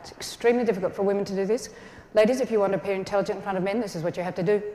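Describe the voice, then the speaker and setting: A woman with an Australian accent imitating a stone-faced man who speaks in a flat, deep monotone. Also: racing, a little hiss or hum, lightly acted. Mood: deadpan. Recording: echoey hall, faint ambience.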